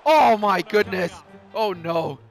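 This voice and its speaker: Excitable shrieking game commentator. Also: mid-range voice, moderate pace. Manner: excitable, yelps and shrieks at near misses; mixes Spanish exclamations into English. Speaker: gamer. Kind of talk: let's play commentary. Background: faint background music.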